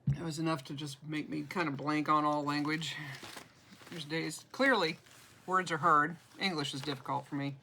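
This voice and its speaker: A chatty woman shows off her stitching projects in a relaxed, self-deprecating way. Her fairly low voice has a gravelly edge. Faint noise hums behind her. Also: moderate pace, poor audio. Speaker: cross-stitch vlogger. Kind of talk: casual show-and-tell chat.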